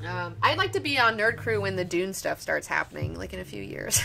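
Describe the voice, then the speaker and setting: A young woman from Alabama, hosting a casual live stream, animated and profane, jumping from loud excitement to mumbled asides. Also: mid-range voice, fairly quick, creaky, hardly any pauses, faint music behind, rough recording. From Alabama, United States. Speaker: host.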